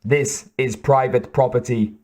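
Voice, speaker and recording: Guy reading a killer cyborg, dead flat gravelly voice, super slow, no feeling at all. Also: mid-range voice, close to an everyday voice. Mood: cold. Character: cold emotionless male killer cyborg. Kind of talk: audiobook narration.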